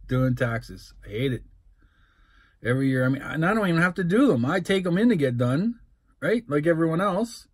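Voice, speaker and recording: A man's voice: medium pitch, slightly rough, no room sound. A man with a Canadian accent, talking casually and upbeat in a food-tasting vlog, rambling between topics. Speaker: food vlogger. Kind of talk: casual mukbang vlog talk.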